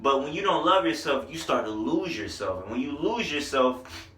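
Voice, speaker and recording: Male vlogger, casual slangy album reviewer, bright and a touch high; roomy, distant home mic. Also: normal speed. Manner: animated, slangy, hypes lines excitedly. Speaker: music reviewer.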